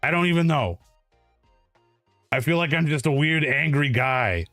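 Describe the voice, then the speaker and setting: A man's voice: a little high, animated, measured pace, sharp tone, no echo, studio quality, faint music behind. A man putting on a brash New York tough guy. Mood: bewildered. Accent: put-on New York. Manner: brash, blustering, rambling.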